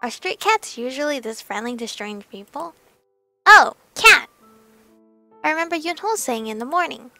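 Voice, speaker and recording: A woman's voice: sits high, lively intonation, fairly quick, few pauses, fairly bright tone, dry recording, soft background music. A woman streamer reading a story game aloud and adding giggly, chatty asides.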